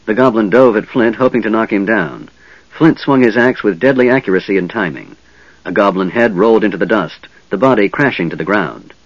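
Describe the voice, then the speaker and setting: A man narrating a fantasy audiobook in an expressive reading, recorded dull and dry. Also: lowish voice, a little fast, no echo. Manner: lively, expressive reading with many voices.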